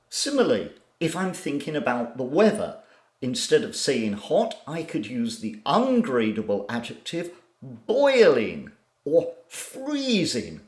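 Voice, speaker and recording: A man teaching an English vocabulary lesson, speaking deliberately and repeating each key word for learners. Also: medium pitch.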